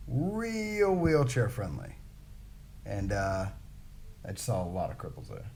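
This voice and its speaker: Man, lively swinging voice, crude wisecracks, faint background hiss. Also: deep voice, moderate pace, vocal fry. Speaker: podcast co-host. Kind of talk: casual banter among friends.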